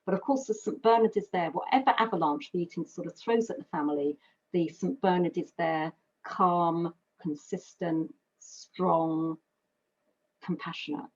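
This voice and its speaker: A British woman gives an earnest, personal webinar talk as a carer, explaining through metaphors and lists. Her voice is low and a little husky. The audio is dull and lo-fi. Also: moderate pace, a little mellow. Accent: British English. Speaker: carer speaker. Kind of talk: webinar presentation.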